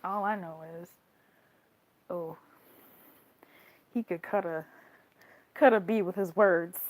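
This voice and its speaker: A young woman reading tarot on a live stream, chatting with viewers in an animated way, laughing often and swearing casually. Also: fairly low pitch, takes it slowly. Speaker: tarot card reader.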